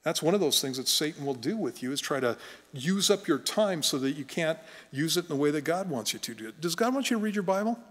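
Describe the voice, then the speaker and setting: Speaking fast with a fairly bright, somewhat high voice and lively intonation, a middle-aged male pastor tells folksy stories during a conversational sermon. The church sanctuary adds a long reverb to the recording.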